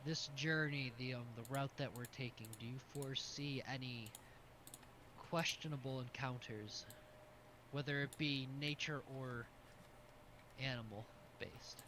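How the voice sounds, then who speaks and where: A man's voice: medium pitch, fairly even intonation, measured pace. Wry male player, noisy recording. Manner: wry, polite in character, swears out of it. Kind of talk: tabletop role-play.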